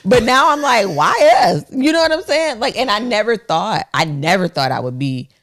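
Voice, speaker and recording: A woman's voice: medium pitch, normal speed. A woman co-hosting a podcast, speaking candidly in casual chat and often laughing as she tells stories. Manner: candid, laughing, animated storytelling. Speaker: podcast co-host.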